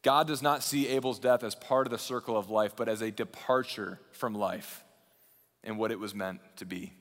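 A man preaching a sermon as a pastor, shifting between raised intensity and hushed, quiet passages. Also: lowish voice, fairly even intonation, normal speed. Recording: long hall reverb.

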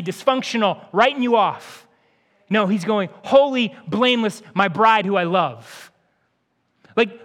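High-voiced pastor preaching in a reverberant hall. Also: male voice, fairly bright tone. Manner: earnest, conversational preaching with rising emphatic peaks. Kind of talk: sermon.

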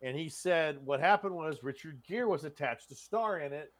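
A man's voice: a little high, lively intonation, normal speed. A man co-hosting a podcast, rambling crudely about a film and retelling its scenes. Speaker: podcast co-host. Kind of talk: casual film chat.

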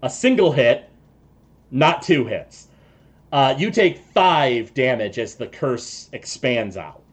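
A man narrating a tabletop session as game master, stopping and restarting often, thinking aloud as he describes the scene. His voice sits at an ordinary middle pitch. He talks casually and unscripted. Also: animated, a little hiss or hum. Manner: halting, many fillers and restarts.

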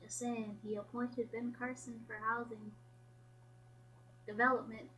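Young US-born woman co-host, high bright voice, teasing and excitable. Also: measured pace, slight background noise. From United States. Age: young adult. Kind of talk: casual chat.

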